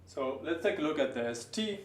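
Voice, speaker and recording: A man teaching German pronunciation, explaining each sound and slowly repeating example words. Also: a little high, expressive, roomy sound, a little hiss or hum. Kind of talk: pronunciation lesson.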